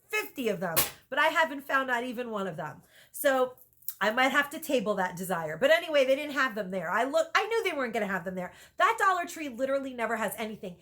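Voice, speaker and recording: A woman vlogger telling a rambling, animated story in casual chat, with lots of "like" and laughter. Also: sits high.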